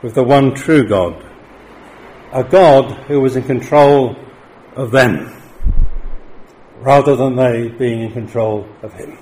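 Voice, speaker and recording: A man's voice: slow pace, pauses often, a little mellow, slight background noise, low-quality recording. Man preaching a sermon with rising emphasis. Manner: rises to emphatic declarations, drops low for solemn points.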